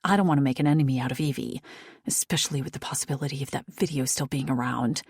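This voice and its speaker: A woman's voice: a bass voice, quick pace, a little mellow, husky, no room sound, studio quality, heavily acted. Woman reading Zoe, a frustrated doctor. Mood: urgent. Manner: frustrated, blunt. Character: exasperated woman doctor, old friend.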